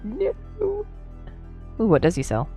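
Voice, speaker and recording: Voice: medium pitch, normal speed, creaky, faint music behind. A game streamer chatting casually through a livestream, rambling, laughing and answering chat, a few drinks in.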